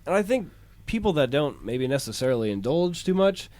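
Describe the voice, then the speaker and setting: A man's voice: fairly high pitch, sing-song, brisk, a little mellow, no echo. A man with a Midwestern American accent, a podcast guest who talks casually with hesitant fillers, swearing and frequent laughs. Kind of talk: casual chat.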